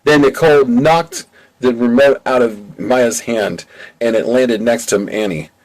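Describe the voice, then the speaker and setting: A man's voice: medium pitch, unhurried, darkish tone, rough recording. A man narrating his own amateur audiobook in a plain, casual storytelling way. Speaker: audiobook reader. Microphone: home mic.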